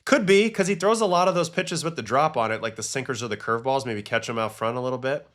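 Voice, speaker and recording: A man, a former pitcher, hosting a casual livestream, chatting and reacting to baseball clips and chat questions. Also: fast talker, a bit bright.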